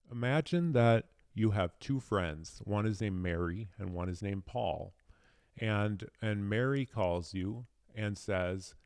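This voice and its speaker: Low-voiced man rambling hesitantly. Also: darkish tone, dry recording, studio quality. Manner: rambling, hesitant storytelling that circles back on itself. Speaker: speed chess player. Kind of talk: casual unscripted monologue.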